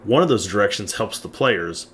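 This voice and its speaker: Running a tabletop role-playing game as game master, a man narrates and laughs often. His fairly low voice has lively intonation, a fairly bright tone and a moderate pace, with slight background noise.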